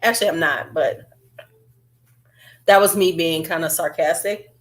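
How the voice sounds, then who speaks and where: A woman vlogger in casual, chatty beauty-review talk, rambling with fillers and asides. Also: low-pitched. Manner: chatty and animated, drawn-out fillers.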